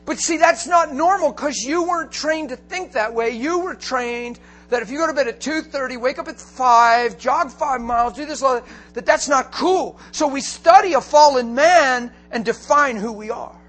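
High-voiced, animated man preaching. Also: normal speed, few pauses. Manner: animated, laughing, shouts for emphasis. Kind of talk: storytelling sermon.

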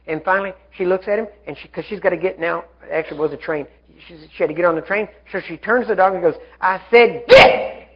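Male preacher, high voice, fervent commanding delivery, muffled lo-fi live recording. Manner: fervent, commanding, rising to shouts. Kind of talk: sermon.

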